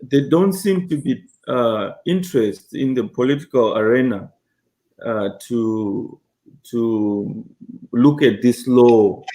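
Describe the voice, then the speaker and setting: A man speaking on a panel in a halting way, with many filler pauses. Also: medium pitch, mellow.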